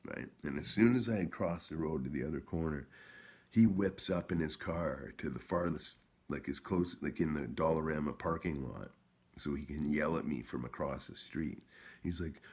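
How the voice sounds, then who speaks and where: Man, vlogger, very deep voice, vocal fry, rambling profane storytelling. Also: moderate pace, a little mellow. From Canada. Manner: rambling, profane, restarts often. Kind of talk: casual storytelling vlog.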